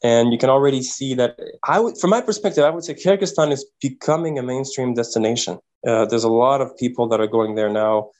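A man's voice: medium pitch, a little fast, hardly any pauses, rough recording. Man telling travel stories. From Quebec, Canada. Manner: animated, repeats words while thinking. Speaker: podcast guest, traveller. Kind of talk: casual interview storytelling.

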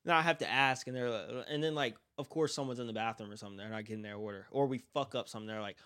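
Young man, casual profane storyteller, mid-pitched, mimics coworkers while laughing, hanging out with friends. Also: fast, pushed and bright. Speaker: former restaurant worker.

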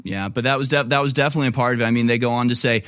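Talk radio host, man, steady mid pitch, quotes and scoffs with emphatic indignation. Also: very fast.

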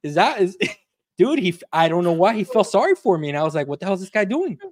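A young man from the Miami area, a podcast guest telling stories in casual chat, animated and swearing freely as he acts out quotes. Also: high voice, quick pace.

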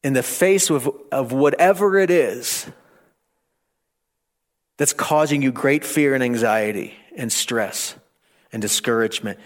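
A man preaching a sermon, stammering and repeating phrases, rising toward near shouting at times. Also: mid-range voice, animated, measured pace. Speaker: pastor.

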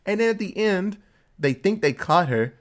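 A man casually recapping a TV episode with a co-host, telling it in an animated way and popping into quick voices for the characters. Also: high voice. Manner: animated storytelling with quick voice switches for quoted characters. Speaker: podcast co-host.

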